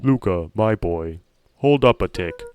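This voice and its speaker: A man putting on a gruff old grandmother with a thick accent. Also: lowish voice, expressive, measured pace, darkish tone, soft background music, pitched below the performer's own voice. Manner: exaggerated put-on foreign accent. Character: elderly grandmother, gruff and weary.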